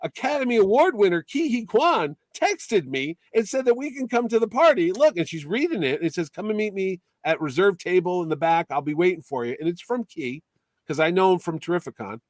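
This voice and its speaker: High-voiced man telling an animated story. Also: a little fast, dry recording. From Connecticut. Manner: animated, acts out quotes in put-on voices. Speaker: podcast host. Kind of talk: casual storytelling chat.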